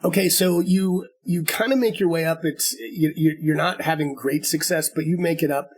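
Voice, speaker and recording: Gravelly husky man running a tabletop game. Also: on the high side, steady tone, normal speed. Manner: patient, explains rules step by step. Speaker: game master.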